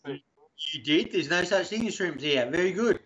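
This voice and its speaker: A man's voice: a little high, lively intonation, a little slow, a crowd in the background. A man joining a live stream chat, teasing the host and chuckling along. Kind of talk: casual chat. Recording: lo-fi stream audio with faint noise.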